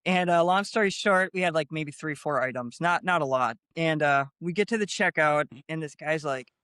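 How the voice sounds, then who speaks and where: A man's voice: on the high side, moderate pace, bright, forceful tone, clear, resonant tone, no room sound, clean studio sound. A man in his late twenties, a guest guitarist telling a story in a chatty casual way, full of "you know" asides. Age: late 20s. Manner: chatty, peppers talk with "you know" and "I'm like".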